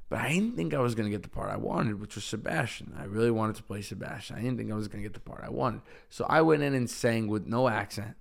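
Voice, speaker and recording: A man's voice: lowish voice, gravelly. A young adult man hosting his own podcast, talking casually and upbeat, often restarting and correcting himself. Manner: rambling, self-correcting, upbeat. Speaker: podcast host. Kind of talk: casual solo podcast talk.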